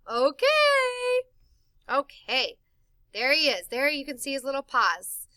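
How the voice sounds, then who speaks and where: Lady reading a kids' bear book out loud, high bright voice, sing-songy, explains stuff as she goes. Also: no echo. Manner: animated, sing-song, explains words to children. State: tickle in her throat. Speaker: storytime reader for children. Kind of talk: reading a picture book aloud to kids.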